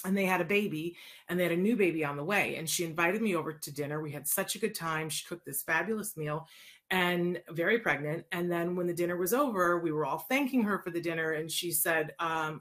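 A woman hosts a show, sharing personal stories and answering listener questions in a casual, expressive manner full of fillers and restarts. Her voice is lowish and fairly quick.

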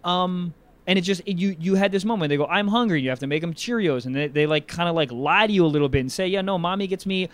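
A young man co-hosting a podcast, chatting casually and crudely with a rambling, animated manner. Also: sits high, fast talker. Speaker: podcast co-host. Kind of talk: casual comedic chat.

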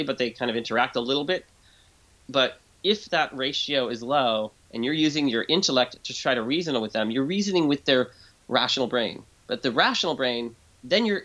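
Here a man is interviewed as a guest expert and explains with lively, conversational energy. He tends to restart his sentences and puts on voices whenever he quotes someone. His voice has a medium pitch.

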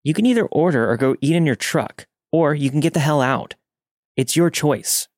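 A man's voice: medium pitch, moderate pace, no echo, studio quality, lightly acted. A man voicing a curt, fed-up young waitress. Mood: stern. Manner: curt and stern.

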